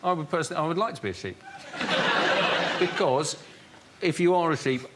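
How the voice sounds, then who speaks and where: A man's voice: a little high, expressive, normal speed, heavy background noise. A male comedian on a panel show, riffing sillily and giggling through his own jokes. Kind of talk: improvised panel banter. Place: TV studio with audience.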